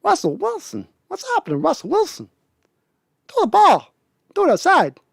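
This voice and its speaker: A man putting on a halting, offbeat celebrity impression, breaking his lines with odd pauses. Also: very high-pitched, wildly swooping pitch, creaky, fairly bright tone, no room sound, clean studio sound, pitched above the performer's own voice, heavily acted. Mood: pleading.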